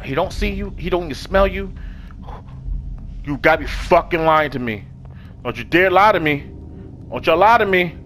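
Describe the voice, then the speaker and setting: Man, gamer commentary, high voice, swings between hushed muttering and loud yelling, slangy, cusses at the game. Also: slight background noise. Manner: talks to game characters with slang and swearing. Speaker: gaming video creator. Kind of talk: live let's play commentary.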